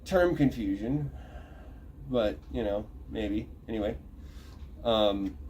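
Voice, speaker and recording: A man's voice: lowish voice, takes it slowly, darkish tone, a little hiss or hum. A man reading a list aloud from an online thread, breaking off to comment, look terms up and correct himself. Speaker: channel host reading a thread.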